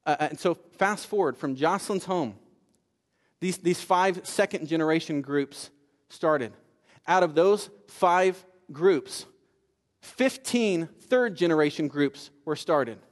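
A man preaching a sermon, telling a story in an animated way with frequent repetitions. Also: a little high, slow. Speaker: pastor. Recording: reverberant hall.

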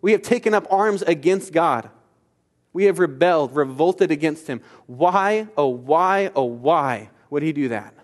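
A man preaches a sermon in a voice pitched a little high. He moves from emphatic, repeated declarations to hushed storytelling. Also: expressive, a little slow, big-room sound. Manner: emphatic, swings from loud declarations to soft storytelling. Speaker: pastor.

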